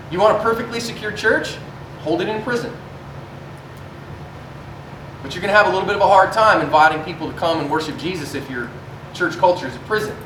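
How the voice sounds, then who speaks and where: Man telling stories in an echoey room. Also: high voice. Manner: conversational storytelling. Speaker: self-defense instructor. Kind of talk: live class talk. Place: church meeting room. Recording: echoey room, distant mic, faint noise.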